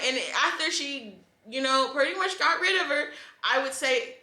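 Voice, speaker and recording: Young woman vlogger, bright higher voice, candid and emotional, roomy echo. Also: moderate pace. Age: 20s. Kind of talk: personal storytelling vlog.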